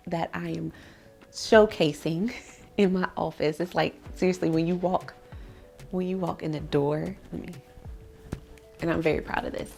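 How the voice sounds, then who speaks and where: A woman in her thirties with a drawl chats straight to a tripod camera in her home office. Her voice sits a bit low and has a gravelly edge. She talks freely and emotionally, and faint music plays underneath. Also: a little mellow. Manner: chatty and emotional, with laughs and restarts. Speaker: vlogger. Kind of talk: casual vlog chat.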